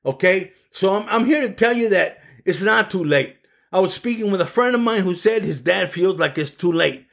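A middle-aged male preacher with a gravelly voice that sits a little high. He delivers an earnest, emphatic sermon and keeps pressing his listeners with rhetorical questions. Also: expressive, normal speed, a bit bright.

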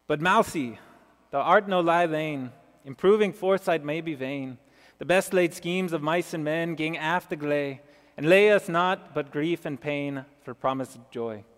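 A man's voice: on the high side, clean tone, pitched below the performer's own voice, close to an everyday voice. A man putting on a mock Scottish reciter. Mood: earnest. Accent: put-on Scottish. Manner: deliberate dramatic recitation. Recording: long hall reverb.

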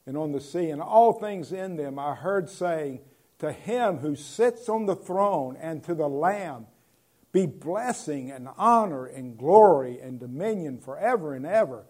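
A man, a pastor, preaching a conversational sermon and moving between loud proclamation and quiet asides. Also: fairly high pitch, expressive, unhurried.

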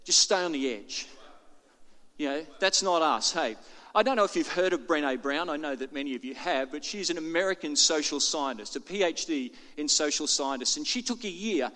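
Older guy pastor preaching, kinda chatty n jokey, voice a bit high, big echoey church. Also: lively intonation, a little fast, few pauses, sharp tone. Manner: chatty and self-deprecating, with many restarts. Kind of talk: sermon. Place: church auditorium.

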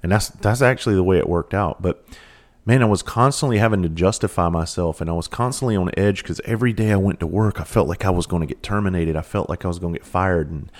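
Casting: man in his thirties, deep voice, ex-cop storyteller, profane and laid-back. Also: fast talker. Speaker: former police officer and firefighter. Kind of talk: casual storytelling.

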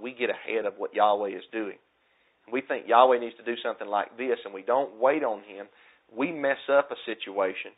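Preacher man, tinny phone-like sound. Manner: rises to loud emphatic stresses, then drops low; acts out quoted speech in character. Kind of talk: sermon.

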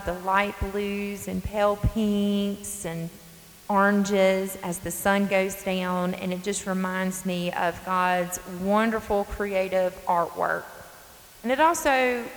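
Woman with North Carolina Southern accent, forties, folksy faith podcast host, earnest and emphatic, long reverb, faint hiss. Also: medium pitch. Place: outdoors on a front porch.

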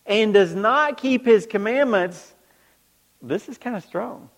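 A man with a high voice preaches to his congregation, pausing to fire rhetorical questions back at them. His words ring out with a long reverb that fills the large church hall. He talks like a pastor working the crowd. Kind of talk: sermon.

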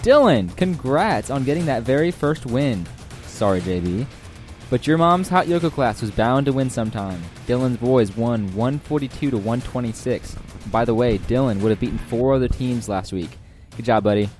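A man's voice: mid-range voice, lively intonation, normal speed, a little mellow, faint music behind. A man co-hosting a casual fantasy sports podcast, trading dry jokes and reading a weekly recap. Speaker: podcast co-host.

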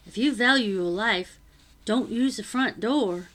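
A woman's voice: on the high side, measured pace, fairly bright tone. A woman reading aloud, voicing a curt young errand boy who gives terse warnings. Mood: urgent.

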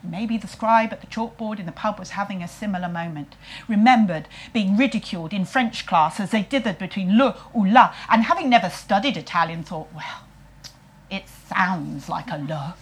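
A woman with a husky voice, telling a comic story in a wry, self-mocking way and putting on playful voices for quotes. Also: medium pitch, a little fast.

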